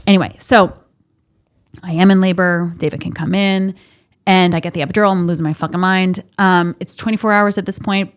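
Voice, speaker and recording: A woman's voice: lowish voice, fairly even intonation, a little fast, smooth. A woman in her thirties hosting a podcast, telling a personal story in a candid, profane, emotional way. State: laughing and tearful. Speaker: podcast host.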